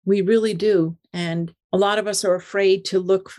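Guest: older woman, animated storyteller, mid-pitched, repeats herself as she goes. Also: moderate pace. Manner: animated, repeats words and restarts often. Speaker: interview guest. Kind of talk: emotional personal storytelling.

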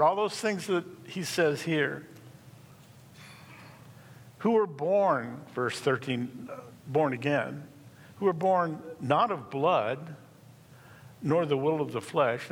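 A man preaching a sermon in earnest, stressing key words slowly and emphatically. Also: medium pitch, fairly bright tone. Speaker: pastor. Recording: reverberant hall, faint room noise.

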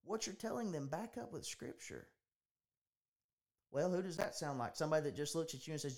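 A man's voice: a little high, animated, fairly quick, darkish tone. A man hosting a podcast, talking in an earnest preaching style, often restarting and repeating his phrases. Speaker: podcast host.

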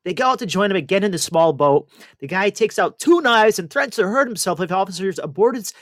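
High-voiced man telling a news story. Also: brisk, no echo, studio quality. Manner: animated storyteller, puts on voices for quoted people. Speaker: radio co-host. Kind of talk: casual radio show chat, telling a news story.

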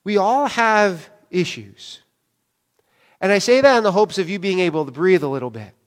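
A man's voice: high voice, lively intonation, moderate pace. A male pastor preaching a sermon in a conversational way, often asking the congregation questions. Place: church hall. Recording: long reverb of a church hall.

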